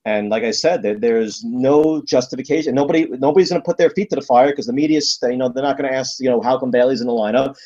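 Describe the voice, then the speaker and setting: A man's voice: medium pitch, quick pace, few pauses, dark tone, muffled recording. A man co-hosting a casual sports talk show, blunt and emphatic, with lots of fillers and restarts. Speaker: sports podcast co-host.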